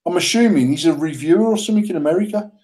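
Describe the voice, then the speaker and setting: A man, co-hosting a casual banter podcast, talking in a sweary, excitable way and laughing often. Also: high voice, racing, poor audio. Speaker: podcast co-host, mod company owner.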